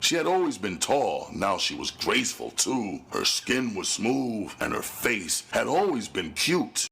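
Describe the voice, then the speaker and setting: A man with a very deep, gravelly, husky voice narrates a gritty first-person audiobook at an unhurried pace, giving it a cold, menacing weight. He's also very animated, with a fairly bright tone.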